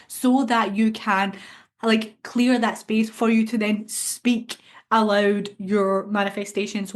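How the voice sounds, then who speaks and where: A young woman co-hosting a spiritual podcast, talking earnestly and reflectively in casual chat, often repeating phrases. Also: mid-range voice. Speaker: podcast co-host.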